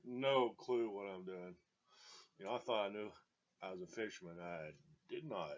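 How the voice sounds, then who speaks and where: Low-pitched man, casual rambling storyteller, lo-fi. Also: normal speed. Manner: rambling, many fillers, chuckles. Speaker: storyteller reminiscing.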